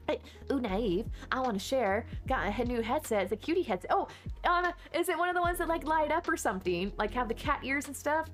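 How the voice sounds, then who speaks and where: A woman's voice: sits high, lively intonation, brisk, a bit bright, soft background music. A woman from Texas, chatting casually with her viewers and answering chat during a game stream.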